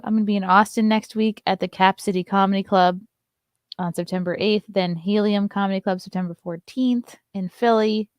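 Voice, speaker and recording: A woman's voice: medium pitch, steady tone, moderate pace, no room sound, studio quality. A woman comedian hosting a casual morning show, chatting loosely and reading viewer comments, sometimes slipping into sing-song baby talk with her dog.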